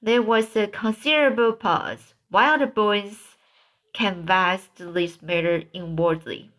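Slow, halting woman reading a storybook. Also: mid-range voice, a bit bright. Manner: slow, halting, repeats words. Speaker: audiobook narrator.

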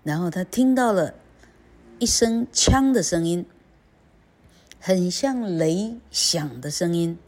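A woman host narrates a children's story, moving slowly and gently through each line. Her voice is low-pitched and mellow, and it never turns sharp. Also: lively intonation.

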